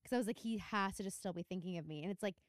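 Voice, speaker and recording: A woman's voice: medium pitch, very fast, dry recording, studio quality. A young woman co-hosting a podcast in casual chat, acting out characters' lines and laughing often. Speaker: podcast co-host.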